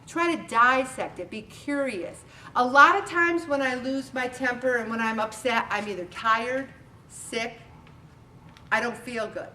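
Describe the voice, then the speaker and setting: A woman's voice: on the high side, measured pace, sharp tone. A woman hosting a casual inspirational talk, chatty and acting out what people say. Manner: chatty, acts out quoted remarks. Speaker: host. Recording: echoey room, voice from a distance, faint noise.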